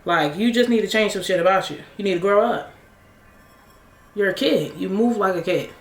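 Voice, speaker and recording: A woman's voice: medium pitch, moderate pace, roomy sound. A young woman hosting a reaction show, recapping reality TV in casual, blunt, heavily slangy talk full of swearing.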